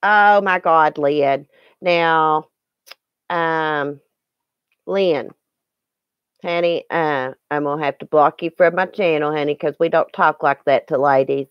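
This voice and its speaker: A woman's voice: low-pitched, slow pace, clear, resonant tone, no room sound, muffled recording. Southern woman chatting on a livestream. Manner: chatty, folksy, talks to viewers by name. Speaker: YouTube livestream host. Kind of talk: casual livestream chat, reading the chat.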